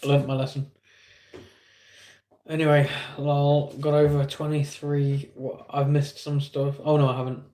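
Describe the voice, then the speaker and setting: A man's voice: on the high side, monotone, unhurried, mellow. A man with an English accent streaming live, chatting casually with viewers in a rambling, self-deprecating way.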